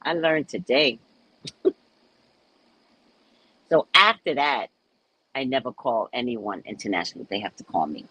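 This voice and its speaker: A woman from California hosting a casual show, chatting and telling stories in an animated way. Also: very deep voice, measured pace, long pauses, slightly rough, dry recording, rough recording. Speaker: host. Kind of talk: casual chat.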